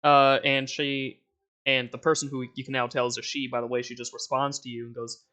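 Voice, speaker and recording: A man narrating a tabletop role-playing game as game master, laughing often and adding quick, loose asides. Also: mid-range voice, little pitch movement, bright, forceful tone.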